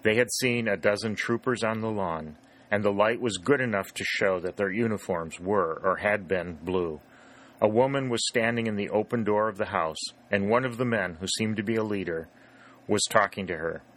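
Male narrator, low voice, steady storytelling, scripted reading. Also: moderate pace. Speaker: audiobook narrator.

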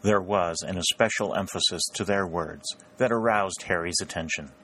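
Deep-voiced man narrating a story. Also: moderate pace, fairly bright tone, breathy edge. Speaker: audiobook narrator. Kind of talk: scripted narration.

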